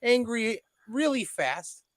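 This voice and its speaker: A man's voice: very high-pitched, very animated, takes it slowly, no echo, studio quality. A young man co-hosting a podcast, telling a story in casual chat, swearing freely and jumping into quoted voices. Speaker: podcast co-host.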